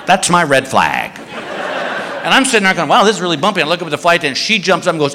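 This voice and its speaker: Animated man telling a stand-up story. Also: high-pitched, quick pace. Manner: animated, acts out voices, shouts for punchlines. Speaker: stand-up comedian. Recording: hall reverb with faint noise.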